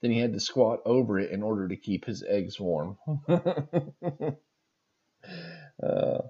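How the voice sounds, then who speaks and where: A man's voice: lowish voice, expressive, slow pace, dark tone, husky, lo-fi sound. A man hosting a podcast, reading funny stories aloud and reacting with laughs between them.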